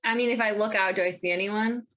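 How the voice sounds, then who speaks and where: A woman's voice: medium pitch, steady tone, fast, a bit bright. A woman playing in a tabletop game, chatting casually. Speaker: player.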